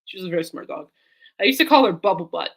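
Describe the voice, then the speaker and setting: Woman vlogger, bright forward voice, loose rambling heartfelt chat to camera. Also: on the low side, lively intonation, fast. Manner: rambling and heartfelt, talks aside to her dog. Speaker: vlogger and fan.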